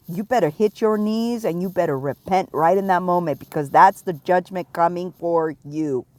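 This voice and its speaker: A middle-aged woman giving a prophetic warning, stern and emphatic, pressing her points with slow repetition. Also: on the low side, a little mellow, no echo. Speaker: self-described prophet.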